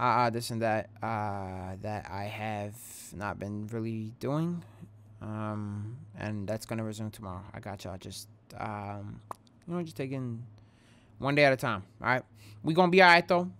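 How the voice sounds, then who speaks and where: A man's voice: mid-range voice, a bit bright, smooth. A young man who hosts a gaming channel, talking straight to his viewers in a rambling, shaken but earnest way as he vents. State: rattled. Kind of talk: casual direct-to-camera vent.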